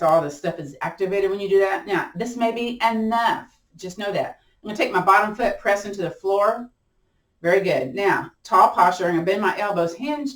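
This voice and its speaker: A woman instructor leading a gentle chair yoga class, chatty and playful, often laughing and encouraging. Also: on the low side, distant mic. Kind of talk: guided exercise class. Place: room at home. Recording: roomy sound from off-mic.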